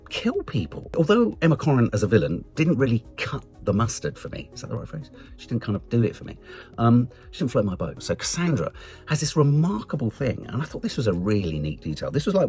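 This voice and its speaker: With an English accent, a man gives a chatty, animated film review, swearing casually and slipping into high-pitched mock voices.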